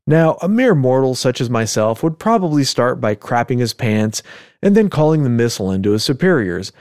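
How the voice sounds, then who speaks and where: A man's voice: medium pitch, very animated, fairly quick, a little mellow, no room sound, studio quality. A man hosting a podcast, telling a story in casual chat with joking asides and frequent chuckles. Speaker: podcast host.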